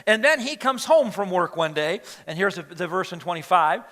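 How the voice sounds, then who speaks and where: High-voiced animated male pastor preaching. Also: moderate pace, few pauses. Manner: animated storytelling, acting out quoted voices. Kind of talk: sermon.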